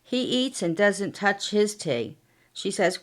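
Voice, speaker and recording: A woman reading her own mystery story aloud as author and podcast narrator, unhurried and plain. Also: mid-range voice, very animated.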